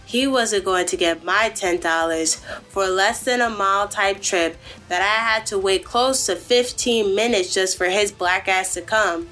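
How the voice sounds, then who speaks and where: A woman hosting a podcast, telling a story in a casual monologue, animated and profane, often addressing her listeners directly. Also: medium pitch, unhurried. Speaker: podcast host.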